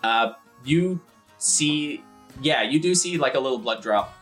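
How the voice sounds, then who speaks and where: A young man narrating a tabletop game as game master, relaxed and hesitant. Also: mid-range voice, measured pace, faint music behind.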